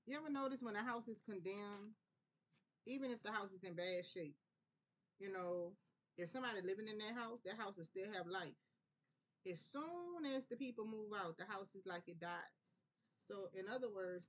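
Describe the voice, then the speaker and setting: A woman from New Orleans with a New Orleans accent, giving a relaxed, prayerful tarot reading in a conversational way. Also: mid-range voice, breathy edge. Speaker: tarot reader. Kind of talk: casual spiritual tarot reading.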